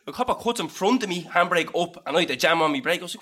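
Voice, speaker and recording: A man in his late twenties with a Dublin accent, co-hosting a podcast and telling a story in casual, animated chat, swearing and acting out the people in it. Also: high voice, rapid-fire. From Dublin, Ireland. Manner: animated, swearing, acts out voices in anecdotes.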